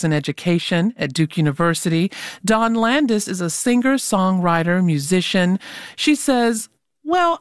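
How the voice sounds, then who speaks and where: Interview host, mid-range, measured and friendly, dry studio sound. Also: mid-range voice, dry recording. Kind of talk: radio interview.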